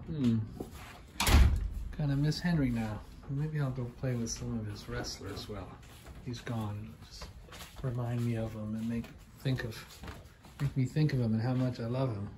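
A father talking gently and casually while playing with toys. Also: mid-range voice, fairly even intonation, normal speed, pauses often, noisy background. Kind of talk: casual play narration.

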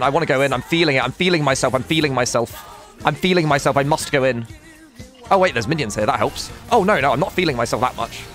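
A man's voice: a little high, fairly bright tone. A young man streaming a video game, commentating casually, swearing and laughing as he talks to chat and teammates.

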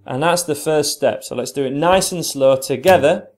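A British man teaching guitar, explaining strumming and slowly counting the beats aloud. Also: fairly high pitch. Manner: counts along in a slow, drawn-out voice. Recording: guitar playing loudly behind the voice. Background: his own guitar playing.

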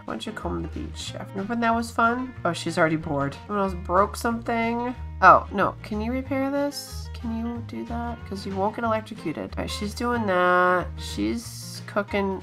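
A woman giving casual let's-play commentary, chatting to her game characters, coaxing and scolding them with sudden excited exclamations. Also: fairly high pitch. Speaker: gaming channel host.

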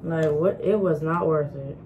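A woman's voice: low voice, a little slow, phone-quality sound, noisy background. A young woman vlogger talking frankly to her viewers, swearing freely and venting about her life as a single mom. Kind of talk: casual chat to camera.

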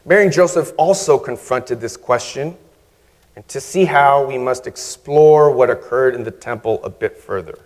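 A man preaching a sermon as guest preacher, measured and humorous, with emphatic pauses. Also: medium pitch. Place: church sanctuary. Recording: reverberant church hall.

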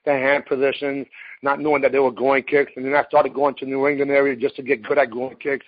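A man from New York City hosting a casual interview, eager and quick to jump in, often repeating words as he gets going. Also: mid-range voice, slightly rough, lo-fi sound. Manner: enthusiastic, repeats words as he starts his sentences. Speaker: host.

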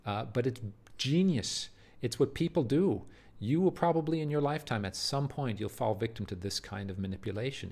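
Brief: male literature teacher, lowish voice, earnest lecture style, repeats himself for emphasis. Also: creaky, a little mellow. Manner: earnest and emphatic, repeats words and asks "do you see?". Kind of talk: video lecture walkthrough of a play.

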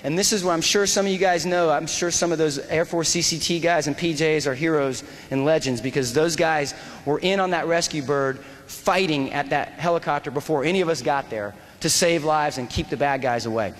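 Animated high-voiced man speaking in a hall. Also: brisk. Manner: animated, acts out dialogue and shouts quoted lines. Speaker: motivational speaker and army veteran. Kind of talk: storytelling speech. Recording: reverberant hall with faint noise.

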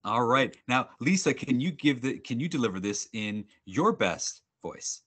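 A male trainer speaks over a video call with a bright, forceful tone that cuts through. His delivery is upbeat and animated, and he jokes with his audience. He restarts his sentences often. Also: mid-range voice, unhurried, breathy edge. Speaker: sales trainer presenting a webinar. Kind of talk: energetic workshop presenting.

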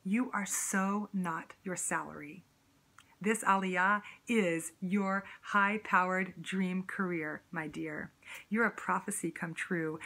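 Woman spoken word performer with a mid-range voice, rhythmic and sassy, who slows right down on key lines. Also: medium pitch, bright, forceful tone. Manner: rhythmic, rhyming delivery with sassy direct address.

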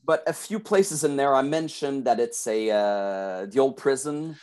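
A man's voice: medium pitch, a little mellow. Hesitant man explaining his own book. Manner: hesitant, with pauses and "uh". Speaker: author as podcast guest. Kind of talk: casual chat.

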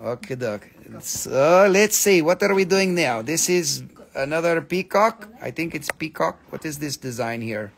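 Man host for a live sales stream, playful and joky, fairly high voice. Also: expressive, a little slow, creaky. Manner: playful and joking, swears freely, voices silly asides. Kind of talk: casual live sales chat.

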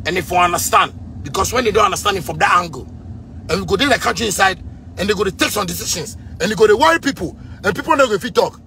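A man in his thirties with a Ghanaian accent, ranting angrily at the president, repeating himself and breaking into shouts. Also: high voice, expressive, quick pace, gravelly, slight background noise. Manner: heated, repetitive, bursts into shouting. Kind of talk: angry rant addressed to the president.

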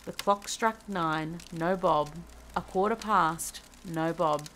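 A woman reading a classic story aloud as a cosy ASMR bedtime tale, soft and gentle, giving the characters their lines. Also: lowish voice, slow pace, a little hiss or hum, poor audio.

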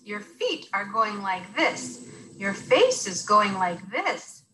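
Calm patient mother read by a woman, slow soothing talk, bright tone, faint hiss behind. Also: medium pitch, exaggerated voice, rough recording.

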